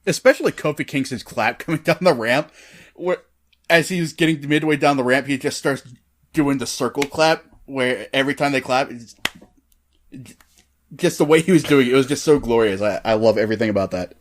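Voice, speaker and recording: A man's voice: medium pitch, a little fast, slight background noise. A man co-hosting a wrestling podcast in casual chat, enthusiastic and often repeating words as he starts a thought. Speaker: podcast co-host.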